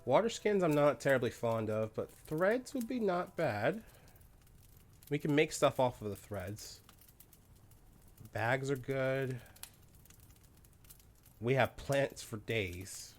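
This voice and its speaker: Foul-mouthed man streaming a game, lively pitch. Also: slow pace, long pauses. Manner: swears freely, barks orders at the game characters. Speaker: streamer playing a colony sim game. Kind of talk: casual live-stream chat.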